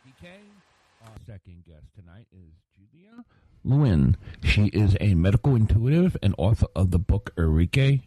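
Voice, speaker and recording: A man from New York reads a formal guest introduction as a radio co-host. His husky, lowish voice moves in lively swings of pitch. The sound is dry. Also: moderate pace, no echo, poor audio. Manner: formal, announcing. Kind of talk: announcer introduction.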